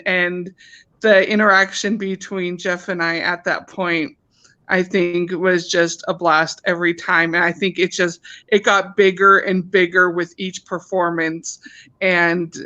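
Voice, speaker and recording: A woman's voice: medium pitch, sharp tone, highs cut off. A woman from a show's cast telling a story in an enthusiastic, chatty way during a casual reunion call. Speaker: cast member.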